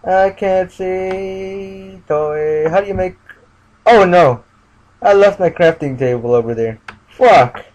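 A man's voice: on the high side, measured pace, pauses often, darkish tone. A man giving casual gameplay commentary, muttering to himself and chanting sing-song refrains. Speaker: gamer. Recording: dull lo-fi mic with light noise.

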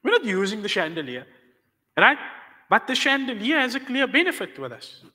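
High-voiced bright male lecturer in a reverberant hall. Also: sing-song, moderate pace. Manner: explains patiently, checks understanding with rhetorical questions. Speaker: Islamic law teacher. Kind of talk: classroom lecture with students. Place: classroom.

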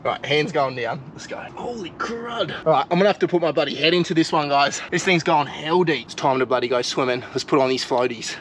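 A young Australian man vlogging outdoors, talking excitedly and casually to his viewers, with plenty of slang. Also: fairly high pitch, fast talker, hardly any pauses, slight background noise. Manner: excitable, slangy, swears mildly, addresses viewers as guys. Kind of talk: casual vlog narration to camera. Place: outdoors in mangrove mud flats.

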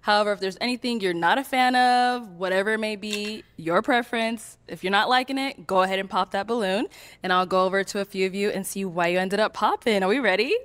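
A woman's voice: mid-range voice, brisk, fairly bright tone. A woman hosting a dating show, upbeat as she explains the rules.

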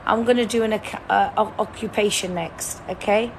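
A woman's voice: medium pitch, fairly even intonation, normal speed, background noise. A woman, hosting a live-stream word-guessing game in a chatty, teasing, playfully dramatic way. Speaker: livestream host.

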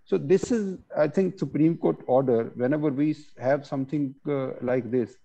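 A man presenting a webinar on court judgments, reading case text and explaining it with many pauses and fillers over a video call. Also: on the high side, gravelly, warm tone, lo-fi sound.

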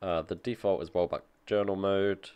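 A man's voice: low-pitched, steady tone, normal speed, a little mellow, clear, resonant tone. A man reading an article aloud and reacting with offhand, dry remarks in a casual tech commentary.

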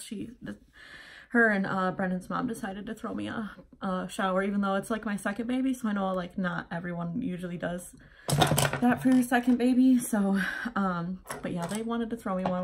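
A woman's voice: medium pitch, steady tone, normal speed, noisy background. Pregnant young woman vlogging while doing her makeup, rambly and a bit breathless, drifts off mic sometimes. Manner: chatty, rambling with many fillers. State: heavily pregnant, a little out of breath. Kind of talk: casual getting-ready vlog. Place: at home getting ready.

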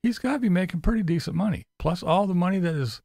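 Gravelly, sarcastic male vlogger. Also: sits high, fast talker, darkish tone, no room sound. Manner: sarcastic, profane, exasperated. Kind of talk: casual ranting vlog.

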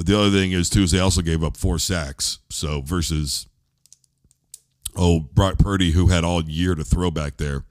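A man's voice: sits low, dry recording. A man in his thirties hosting a casual sports talk show, loose and rambling, often repeating words as he starts a thought. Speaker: show host.

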